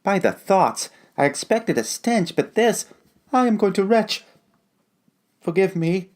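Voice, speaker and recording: A woman's voice: mid-range voice, expressive, measured pace, a little mellow, close to an everyday voice. A woman playing a squeamish young granddaughter on a journey in a fantasy audio drama, speaking plaintively. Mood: disgusted.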